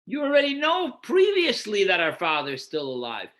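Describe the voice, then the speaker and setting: A man's voice: sits high, huge pitch swings, moderate pace, fairly bright tone. A man, a rabbi, teaching a Torah class, posing rhetorical questions and then answering them while guiding listeners through numbered source texts. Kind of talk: explanatory lecture.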